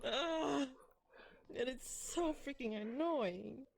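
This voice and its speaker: A woman's voice: sits high, takes it slowly, creaky. A woman player in a roleplay group chatting casually out of character, giggly and self-deprecating.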